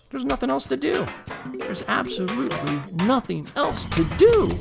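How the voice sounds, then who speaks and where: A middle-aged man hosting his own gaming channel, rambling through casual gameplay commentary with profane, deadpan sarcasm. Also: on the high side, vocal fry. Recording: loud music behind the voice.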